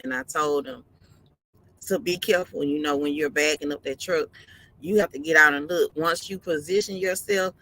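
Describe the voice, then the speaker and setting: A woman truck driver streams live from her parked cab, talking casually, tired and yawning as she earnestly repeats her advice. Her voice sits on the low side, bright and forceful, and the recording is rough.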